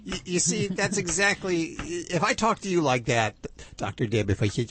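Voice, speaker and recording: A husky male radio host with a lively, swinging delivery. He cracks jokes and teases his co-hosts in a loose studio chat. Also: a little high, moderate pace, dry recording. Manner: wisecracking, teasing.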